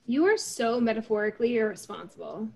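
A woman's voice: fairly high pitch, lively intonation, fairly quick, gravelly. A woman bantering in comedic dialogue, teasing and wisecracking.

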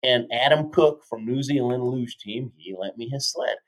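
Fifties male guest, lively motivational storyteller, keeps asking "right?", mid-range voice. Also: medium pitch, normal speed, rough recording. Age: 50s. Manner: energetic, keeps tagging lines with "right?". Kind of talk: animated storytelling in a podcast interview.

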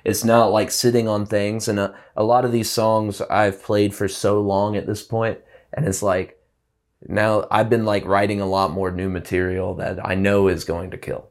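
A man with a somewhat low voice chats casually as a guest musician. He rambles, restarting sentences and leaning on fillers as he thinks aloud. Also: level tone, normal speed. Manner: loose and rambling, full of "like" and restarts. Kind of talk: casual interview chat.

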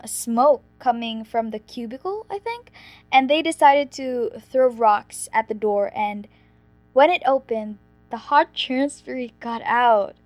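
A teenage girl casually telling stories from her school years, chatty and full of fillers, dropping into a hushed voice for the scary part. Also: fairly high pitch, dry recording. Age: late teens. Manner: chatty, frequent "like" fillers, drops to a hushed scary voice for the ghost story. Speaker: vlogger. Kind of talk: casual storytime.

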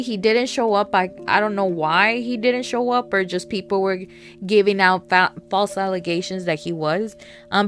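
A woman in casual solo commentary, chatting loosely with plenty of fillers and asides. Her voice sits at an ordinary pitch. Faint music plays behind her. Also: a bit bright. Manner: rambling, chatty, lots of fillers and laughs. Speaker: wrestling fan commentator.

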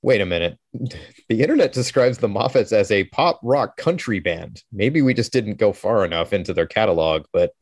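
A man's voice: on the low side, animated, normal speed, no echo, studio quality. Jokey Canadian man on a podcast. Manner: rambling, jokey, swears casually. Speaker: podcast co-host. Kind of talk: casual chat.

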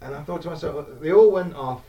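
A man's voice: fairly high pitch, brisk, a little hiss or hum. A man co-hosting a casual podcast, rambling and cutting himself off as he builds a theory. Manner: rambling, self-interrupting, conspiratorial. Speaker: podcast co-host. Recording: distant mic, dull lo-fi sound.

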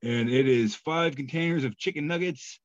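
A man's voice: on the high side, no echo. A man co-hosting a comedy podcast, reading out memes with self-deprecating jokes. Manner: jokey, self-deprecating, drawn-out pauses. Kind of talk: casual podcast banter. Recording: dull lo-fi podcast mic.

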